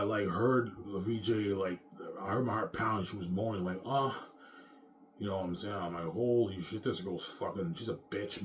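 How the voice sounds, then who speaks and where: A man in his thirties rants to camera in a bitter, rambling and profane way. He talks very fast in a lowish voice. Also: a little hiss or hum. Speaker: vlogger. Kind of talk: casual rant to camera.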